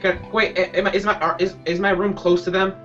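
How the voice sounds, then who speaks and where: High voiced guy rambling at the table, dull lo-fi sound. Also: little pitch movement, quick pace, sharp tone, faint music behind. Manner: rambling, hesitant, many fillers. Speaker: player. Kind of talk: casual chat during a tabletop game.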